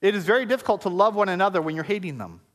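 A male pastor delivers a sermon in a relaxed, conversational way, slipping in jokes and playful asides to the congregation. His speaking voice sits notably high for a man. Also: very fast. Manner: conversational, joking preacher with asides. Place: church service before a congregation.

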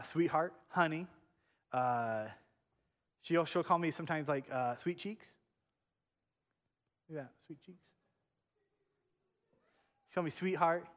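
A man in his thirties preaching a sermon in a church, animated and shifting between hushed and loud delivery. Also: fairly high pitch, big-room sound. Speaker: pastor. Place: church sanctuary.

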